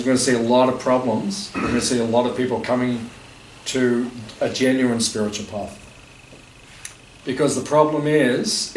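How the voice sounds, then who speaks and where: Recorded from a distance, this spiritual teacher's mid-range voice carries through an echoey gathering room at a festival, with a little background noise. His talk to the live audience is informal and jokey, packed with fillers.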